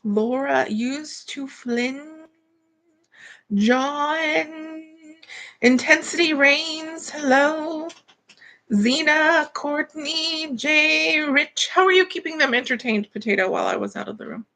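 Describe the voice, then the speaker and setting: Gravelly-voiced woman chatting on a livestream. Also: high voice, slow, bright, forceful tone. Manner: rambling, filler-heavy, greeting chat viewers. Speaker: live stream host. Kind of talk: casual live-stream chat.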